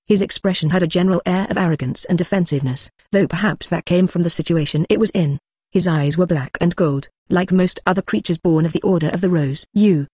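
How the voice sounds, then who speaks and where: Breathy, dry synthetic audiobook narrator. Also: medium pitch, fast, a little mellow, no echo. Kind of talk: scripted narration.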